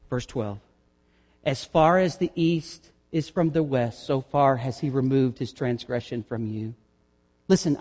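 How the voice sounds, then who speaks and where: A male pastor preaching a sermon, reading scripture slowly and building to loud, impassioned climaxes. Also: fairly high pitch. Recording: long reverb of a sanctuary.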